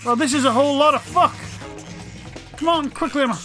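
A man's voice: very high voice, fairly quick, bright, forceful tone, faint music behind. A man doing let's play commentary, swearing and mock-dramatically teasing the game's characters.

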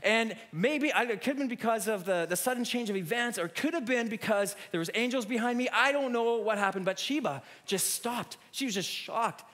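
High-voiced man telling a sermon story. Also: a little fast, hardly any pauses. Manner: animated storyteller, many restarts. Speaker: preacher.

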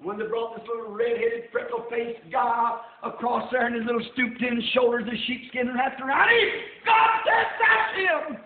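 An older man preaching a sermon in a church, folksy and rising to shouts. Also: extremely high pitch, normal speed, few pauses. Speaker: pastor. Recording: tinny roomy old sermon tape.

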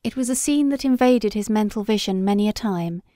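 A woman narrates a classic story in a measured, steady voice at a mid pitch. The recording is dry and close, with no room sound around her. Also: dry recording. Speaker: audiobook reader. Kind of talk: scripted literary narration.

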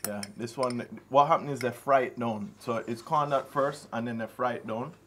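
A man with a Jamaican accent explains local dishes in an easygoing, agreeable way. His voice sits at a middle pitch for a man, and a faint hiss of outdoor ambience runs behind him on the terrace. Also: moderate pace. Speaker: local food guide. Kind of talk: casual food explaining.

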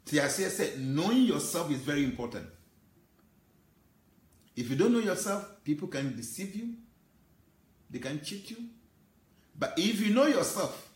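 A man's voice: a little high, reverberant. A man preaching an earnest, emotional sermon, reciting Sanskrit verses and explaining them. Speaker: spiritual teacher.

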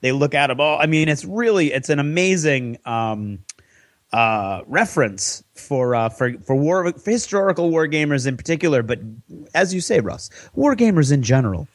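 A man co-hosting a podcast, chatting casually in a halting, hesitant way with many fillers. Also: fairly high pitch, big pitch swings, no echo, clean studio sound. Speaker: podcast co-host. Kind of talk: casual chat.

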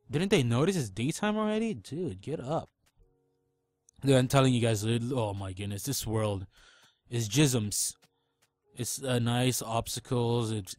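A man's voice: mid-range voice, darkish tone, no room sound. A young man rambling casually while playing a game, joking and cracking silly animal noises. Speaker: let's play gamer. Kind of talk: casual gameplay commentary.

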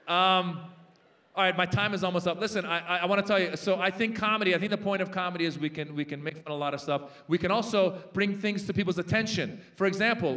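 Animated high-voiced male stand-up comic. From Iranian-American. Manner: animated, switching into quick character voices for punchlines. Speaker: stand-up comedian. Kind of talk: stand-up comedy set. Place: large festival stage with live translation.

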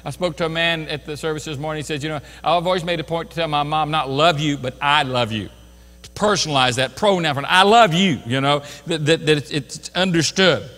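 A man's voice: fairly high pitch, fairly quick, a bit bright, long reverb tail. An older man, a pastor, preaching a sermon with earnest, folksy asides.

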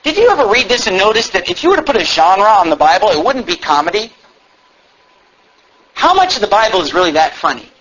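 A man preaching a sermon to his church, swinging from low asides to loud, fervent calls. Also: sing-song, a little fast, husky. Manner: shouts and climbs high when fervent, mocking asides. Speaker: pastor. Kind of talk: fiery sermon. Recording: dull low-fidelity church recording, faint hiss.

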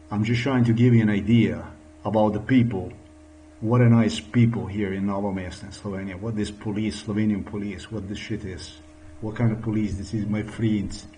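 A man's voice: fairly low pitch, fairly even intonation, normal speed, a little mellow. A man talking bitterly in a rambling, profane monologue, accusing and swearing as he speaks. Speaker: vlogger. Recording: roomy echo with faint hum.

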